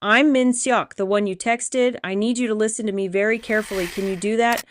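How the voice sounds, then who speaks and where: A woman voicing a calm, menacing male crime boss in his thirties with a Korean accent, speaking quiet and controlled. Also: mid-range voice, brisk, no room sound, studio quality, lightly acted. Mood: gentle.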